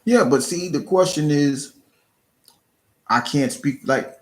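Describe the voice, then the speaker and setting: A man's voice: fairly high pitch, takes it slowly. A man streaming live, giving casual, earnest encouragement to his chat, often restarting and repeating words. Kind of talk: casual motivational talk.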